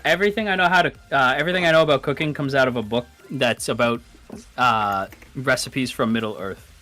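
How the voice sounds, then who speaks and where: A man's voice: mid-range voice, a little fast, bright, forceful tone, soft background music. A man chatting casually as a guest on a cooking stream, eager and rambling, poking fun at himself. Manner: eager, rambling, self-deprecating. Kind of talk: casual chat.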